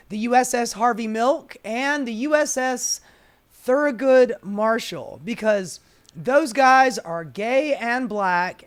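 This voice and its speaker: A woman hosting her own political commentary show, ranting in a sarcastic, exasperated tone and rambling with lots of fillers. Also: a little high.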